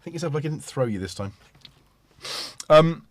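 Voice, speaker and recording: A middle-aged man from Britain hosts a livestream through a studio microphone, rambling, self-interrupting, and chatting with his audience. His slightly high voice swoops wildly in pitch, sounding bright and forceful. He speaks slowly with long pauses, and the sound has no echo.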